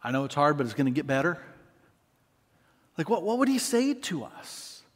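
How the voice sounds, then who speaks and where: Pastor, male, high voice, animated sermon delivery in a reverberant sanctuary. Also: moderate pace. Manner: animated preaching, acts out scenes. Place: church sanctuary. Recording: long reverb of a church hall.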